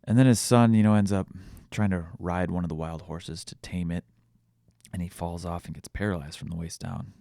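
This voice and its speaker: A man hosting a podcast, thinking out loud in a casual reflective monologue, searching for words with frequent restarts. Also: deep voice, steady tone, moderate pace, no room sound, studio quality. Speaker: podcast host.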